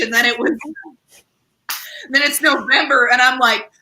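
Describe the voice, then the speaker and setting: A woman's voice: on the high side, steady tone, normal speed, pauses often, pushed and bright, rough recording. A young woman doing a stand-up comedy set, rambling and self-deprecating, with lots of fillers and acted-out voices. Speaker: stand-up comedian and show host.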